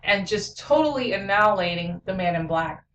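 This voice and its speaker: A woman's voice: mid-range voice, expressive, moderate pace, a bit bright. A woman giving a casual movie review and retelling scenes with lots of "you know" fillers. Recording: roomy echo, mic at a distance.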